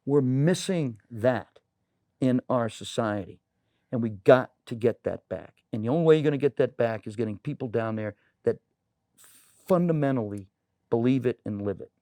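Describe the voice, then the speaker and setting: A man's voice: mid-range voice, expressive, normal speed, dark tone, no echo. A middle-aged man from the United States, a political candidate, speaking earnestly and emphatically as a guest in a studio interview, with many "you know" fillers. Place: local TV studio.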